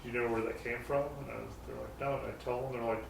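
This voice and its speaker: This guest, a garage shop owner, spins meandering stories about his shop in casual chat, with mild swearing. He talks quickly with a creaky, medium-pitched voice, little pitch movement and hardly any pauses. He's far from the mic in a roomy garage with noticeable echo and a faint underlying hum.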